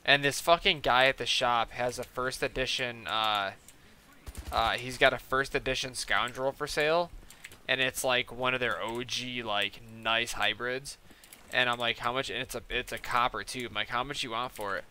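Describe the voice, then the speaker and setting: A man's voice: mid-range voice, fairly even intonation, normal speed, pushed and bright, a little hiss or hum. A young man chatting casually on a gaming live stream, rambling through a story full of fillers and quoted back-and-forth. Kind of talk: casual live-stream chat while playing.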